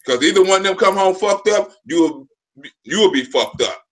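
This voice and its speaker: A man co-hosting a live stream, bantering with loud, profane, reactive interjections. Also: high-pitched, animated, a little fast.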